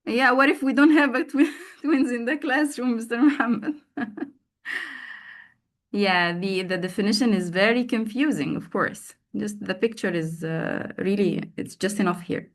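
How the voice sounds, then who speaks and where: Woman, teacher trainer, slow unhurried delivery, drills words by repeating them, video call. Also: fairly high pitch. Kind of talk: online teacher training session.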